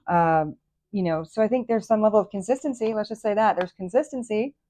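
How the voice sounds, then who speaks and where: Female tarot host, low-ish voice, chatty and easily excited, rambling delivery. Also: brisk. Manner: excitable, enthusiastic, chatty with many fillers and restarts. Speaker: tarot reader and channel host. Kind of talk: casual tarot reading to camera.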